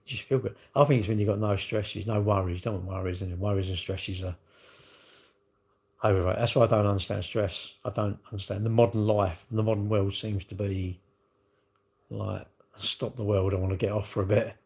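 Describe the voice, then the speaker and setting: A man's voice: on the low side, fairly even intonation, normal speed, vocal fry, a little mellow. A man, rambling in casual livestream chat and answering viewers' comments with lots of tag questions. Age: 60s. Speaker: livestream host.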